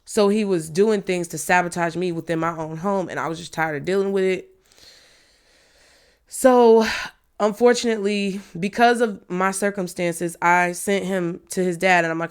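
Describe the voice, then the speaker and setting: Woman in her thirties, lowish voice, blunt and emphatic, candid talk straight to viewers. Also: moderate pace, clean tone. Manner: blunt, emphatic, swears freely. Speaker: tarot reader.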